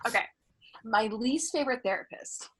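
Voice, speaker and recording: A woman's voice: medium pitch, normal speed, pushed and bright, slight background noise. A woman comedian, a guest telling candid, profane stories in casual chat. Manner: candid, profane, bursts of laughter.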